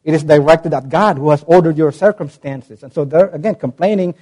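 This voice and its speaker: A male pastor preaching a sermon in a somewhat high voice. He teaches with emphasis, spells out words, gives examples and lingers on key terms. He slows right down whenever he reads a verse aloud. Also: warm tone.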